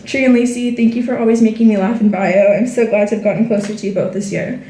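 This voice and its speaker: A woman's voice: mid-range voice, fairly even intonation, quick pace, warm tone, reverberant, far from the mic. Teenage girl reading an emotional speech. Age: teens. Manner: heartfelt, reading thank-yous. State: tearful, near crying. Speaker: graduating student. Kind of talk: senior speech read aloud.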